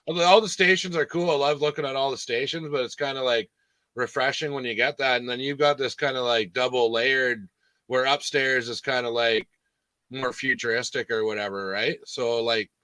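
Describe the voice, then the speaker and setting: An easygoing man hosting a live stream, with a bright, forceful voice. He talks loosely and rambles through his questions. The sound is dry and close. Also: mid-range voice, fairly even intonation, normal speed, no room sound. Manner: easygoing, full of "like" and "dude". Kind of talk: casual chat.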